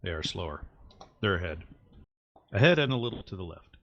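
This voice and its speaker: A man narrating a tabletop game as game master, his lowish voice gravelly with fry. He explains rules in a halting way with plenty of fillers. The mic sounds dull and lo-fi, dry with no room sound. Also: very animated, fairly bright tone.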